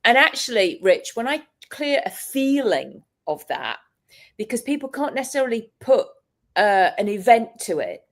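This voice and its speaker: A woman, a hypnotist hosting an interview, talking enthusiastically in a casual chat, often pausing on fillers. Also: a little high, big pitch swings. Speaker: hypnotist and podcast host.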